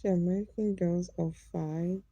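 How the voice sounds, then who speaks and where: Chatty woman streamer, gravelly, dark tone. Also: fairly low pitch, steady tone, takes it slowly, no echo, highs cut off. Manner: teasing, chatty, laughs often, greets viewers by name. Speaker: live streamer. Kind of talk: casual live-stream chat reading comments.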